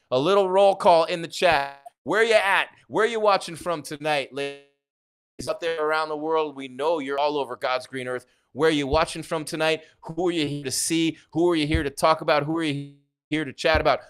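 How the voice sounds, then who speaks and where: A man hosting a live fight-night stream, chatting casually and shouting out viewers in the chat. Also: mid-range voice. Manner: hyped, rambling, shouting out viewers. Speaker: livestream host.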